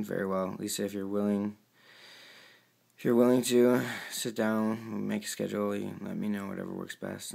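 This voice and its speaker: A man's voice: low voice, gravelly, slightly rough. A young man reading out his text messages, speaking in an earnest, pleading, downcast way. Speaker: vlogger.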